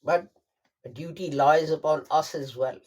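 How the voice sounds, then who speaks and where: A man delivering a Friday sermon, emphatic and deliberate, repeating phrases for stress. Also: on the high side, a little mellow. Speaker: preacher.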